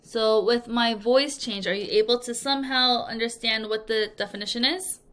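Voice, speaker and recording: A woman teaching an English vocabulary lesson, drilling words clearly with repeat-after-me prompts and acting out examples playfully. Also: fairly high pitch, steady tone, normal speed, fairly bright tone. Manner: playful, acts out example sentences. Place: language school in Korea.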